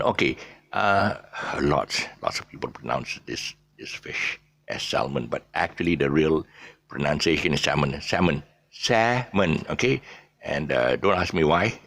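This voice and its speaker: Low, gravelly man teaching pronunciation. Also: expressive, unhurried, a bit bright. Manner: hesitant, many fillers, spells out letters. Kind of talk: casual pronunciation lesson.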